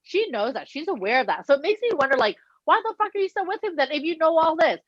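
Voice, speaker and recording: Animated, high-voiced woman retelling gossip. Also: fast talker, no echo. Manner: animated, swears freely, acts out quotes. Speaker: podcast co-host. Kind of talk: casual chat, retelling a reality show. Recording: dull lo-fi recording.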